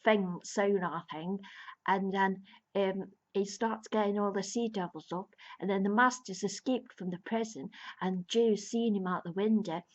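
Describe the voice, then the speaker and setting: A woman chats her way through a story summary for her video review, stumbling over restarts, fillers and little laughs as she goes. Her voice sits at an ordinary middle pitch. The recording sounds a bit muffled and lo-fi. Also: fairly even intonation, a little slow. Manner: rambling, with many restarts and fillers; amused, laughs between lines. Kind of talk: casual retelling of a plot. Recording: slightly dull lo-fi sound.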